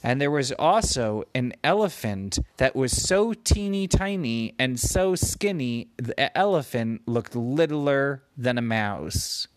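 Man telling an improvised bedtime story, unhurried, lively lilt, dry close mic. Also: medium pitch, no room sound. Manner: meandering, gently playful.

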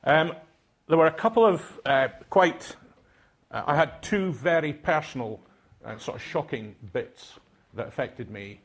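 A man's voice: on the high side, expressive, measured pace. An older man from Aberdeen with a Scottish accent, speaking to a conference audience in a reflective, hesitant way with many fillers. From Aberdeen, Scotland.

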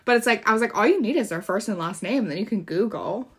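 A woman's voice: mid-range voice, expressive, fast, a bit bright, slightly rough. A young woman from Florida co-hosting a true crime podcast, chatting casually in a blunt, profane way and often laughing. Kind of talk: casual chat.

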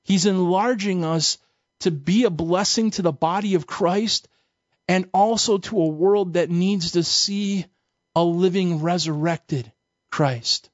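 A man preaching a sermon-style teaching lesson, his voice a little high, emphatic and casual as he tells stories. The sound is close and dry with no room echo. It comes through on a dull, muffled recording. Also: slow. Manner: emphatic, colloquial preaching with storytelling. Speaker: Bible teacher.

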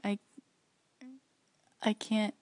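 A woman in casual chat with her sister, speaking slowly and hesitantly and often trailing off with "um". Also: no echo. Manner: hesitant, slow, soft-spoken.

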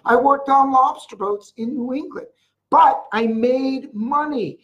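An older speaker giving a motivational sales talk about a jewelry business, telling rambling stories with sudden loud bursts. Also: high-pitched, measured pace, muffled recording. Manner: mocks whiners in a put-on voice.

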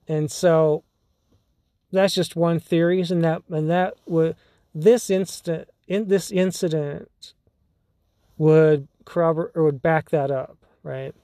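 A man's voice: on the high side, slow, warm tone, no echo, clean studio sound. A man hosting his own podcast, talking in a rambling, casual monologue with frequent laughs and restarts. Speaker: podcast host.

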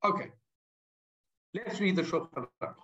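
A man's voice: high-pitched, expressive, normal speed, a bit bright, lo-fi sound. A man teaching a Talmud class, explaining step by step and weaving Hebrew terms into his English, often restarting his sentences. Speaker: Torah teacher.

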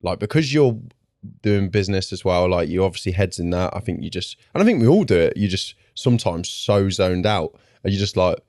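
Teasing man with a low voice. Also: lively intonation, a little fast, darkish tone, no room sound, studio quality. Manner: laughing, teasing banter. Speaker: podcast guest. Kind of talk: casual chat.

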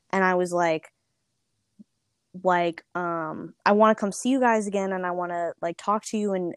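A woman's voice: on the low side, no room sound, studio quality. A young woman, telling a personal story in casual chat, with lots of fillers and quotes she acts out. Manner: chatty, frequent "like" fillers.

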